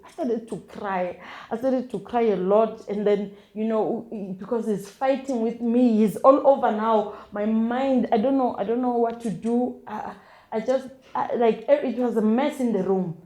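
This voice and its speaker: Halting, soft-toned South African woman. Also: on the high side. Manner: halting and hesitant, with many restarts and repeated words. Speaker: guest sharing a personal testimony. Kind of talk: emotional first-person storytelling.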